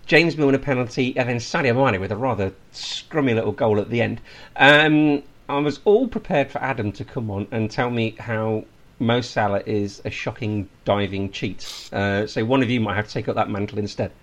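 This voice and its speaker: A man's voice: medium pitch, normal speed, fairly bright tone. Man, podcast host, casual football chat, laughs easily, self-correcting.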